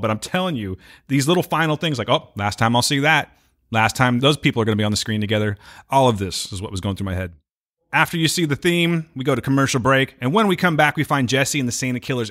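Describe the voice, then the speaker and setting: Male podcast co-host, bright, lively voice, casual, playful impressions. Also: mid-range voice, fast talker. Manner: animated, slips into playful character voices. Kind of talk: casual recap chat.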